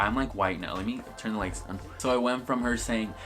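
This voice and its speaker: Young man, casual vlog commentary, sassy and profane, low voice. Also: fairly even intonation, moderate pace, fairly bright tone, faint music behind. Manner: sassy, swears a lot, acts out the cast in quotes. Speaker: reality TV reviewer.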